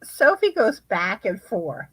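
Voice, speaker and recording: A woman's voice: medium pitch, wildly swooping pitch, slow, husky, dry recording, low-quality recording. A woman co-hosting a casual crochet-along, answering in short, easygoing replies. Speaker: crochet co-host.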